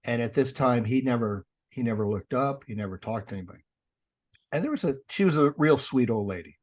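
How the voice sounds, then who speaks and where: In an expressive, fairly quick, slightly mellow mid-range voice, a middle-aged guest tells stories on a podcast. The paranormal investigator and author is wry and sarcastic, voicing the dialogue in his anecdotes during casual storytelling.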